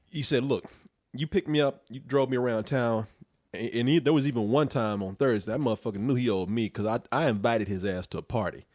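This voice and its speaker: A man's voice: mid-range voice, dry recording. A man telling a rowdy story in casual chat, swearing freely and laughing along with his own tale. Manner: profane, animated storytelling with laughs. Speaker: storyteller on a talk show.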